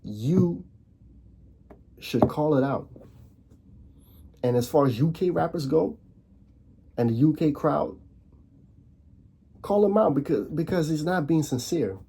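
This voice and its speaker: A young man hosting his own channel, ranting casually to camera in a fired-up way, stumbling and repeating words, his voice leaping higher on emphatic points. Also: animated, measured pace, gravelly, pauses often, dark tone, slight background noise. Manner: frequent restarts and repeated words. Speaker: video host.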